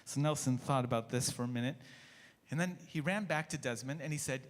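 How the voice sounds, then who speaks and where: A man's voice: medium pitch, a little fast. Man telling a story in church. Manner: animated, expressive. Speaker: worship leader and storyteller. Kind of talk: storytelling in a worship service. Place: church sanctuary. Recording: echoey church hall, faint music.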